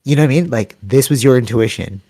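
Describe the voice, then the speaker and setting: Talking fast in a medium-pitched voice, this podcast co-host from Canada spins long, wandering stories during casual conversation. He brings them to life by performing other people's quotes.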